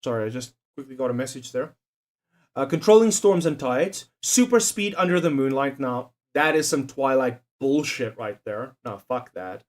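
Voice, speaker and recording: A man's voice: mid-range voice, lively intonation, normal speed. A young man, chatting casually to his live-stream chat while doing a quiz. He swears freely, jokes, and laughs often. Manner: profane, joking, laughs often, talks to chat.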